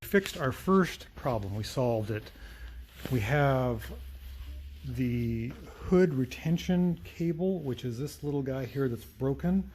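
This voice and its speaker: A man's voice: mid-range voice, animated, slow pace, darkish tone, a little hiss or hum. A middle-aged man running a casual vlog in his auto repair shop, talking friendly through each step as he works. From United States. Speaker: mechanic and channel host. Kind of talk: casual shop vlog, explaining while working.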